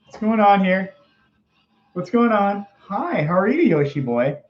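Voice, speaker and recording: A man's voice: sits high, big pitch swings, unhurried. A man putting on the voice of Morty, a nervous, stammering fifteen-year-old boy, while hosting a livestream chat. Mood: scared. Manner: stammering, repeating "oh geez" and "oh boy". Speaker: livestream host. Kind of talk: live-stream character chat. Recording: echoey room, dull lo-fi sound.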